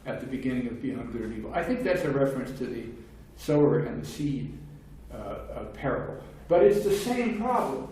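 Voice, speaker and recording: An older man lecturing on philosophy gives a seminar talk in a seminar room, speaking discursively with frequent restarts and fillers. His dark, medium-pitched voice swings widely in pitch and moves at a normal speed with hardly any pauses. The recording is distant and very echoey, with faint background hiss.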